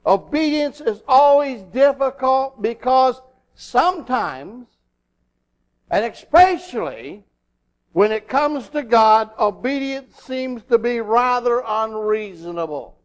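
A preacher with a very high speaking voice delivers a sermon slowly, staying animated and acting out other voices along the way.

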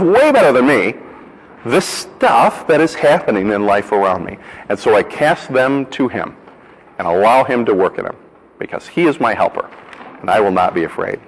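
A man's voice: medium pitch, big pitch swings, normal speed, husky. A man preaching a sermon as pastor, earnest, repeating key phrases and leading the congregation in reciting lines together. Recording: long reverb of a large hall.

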